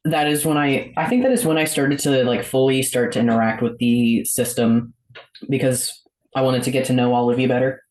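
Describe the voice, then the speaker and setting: A young adult guest on a casual podcast, awkward and hesitant, laughing between halting sentences. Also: medium pitch, a little mellow, roomy sound, slight background noise, rough recording.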